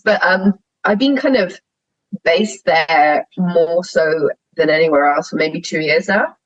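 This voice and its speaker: This clip features a young female sheep shearer on a podcast, chatting openly and with energy and breaking into laughter as she recounts stories. She speaks unhurriedly in a lowish voice. The sound is muffled, with no room sound.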